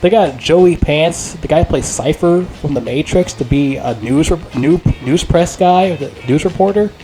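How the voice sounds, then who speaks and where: A man giving a casual, unscripted movie review, rambling and excitable, swearing freely and leaning on filler words. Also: fairly high pitch, normal speed, faint music behind.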